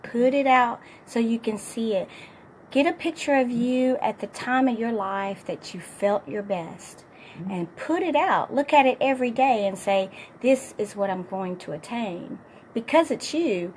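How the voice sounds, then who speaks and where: Hoarse middle-aged lady coach, upbeat and encouraging, pep talk w/ a little background hiss. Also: mid-range voice, darkish tone. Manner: upbeat, encouraging, addresses viewers by name. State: hoarse, voice partly lost. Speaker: fitness coach. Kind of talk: motivational talk to viewers.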